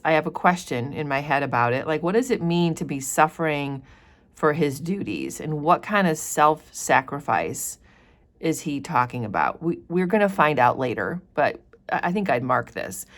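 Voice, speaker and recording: A woman with a notably low, deep voice walks through a novel passage by passage. She paraphrases in casual, everyday terms and often says "like" and "so". It sounds like an informal literature lesson. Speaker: literature teacher. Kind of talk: annotated read-aloud of a novel.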